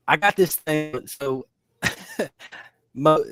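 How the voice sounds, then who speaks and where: A man's voice: a little high, very slow, a bit bright. A man co-hosting a podcast in casual chat, rambling and restarting his sentences often. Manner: rambling, full of restarts and fillers. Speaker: podcast co-host. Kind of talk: casual fantasy sports chat.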